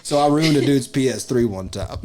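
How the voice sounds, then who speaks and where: A man's voice: mid-range voice, very noisy. A young man hosting a casual podcast, telling a rowdy story with lots of swearing and laughter. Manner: profane, laughing, excitable storyteller. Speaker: podcast host.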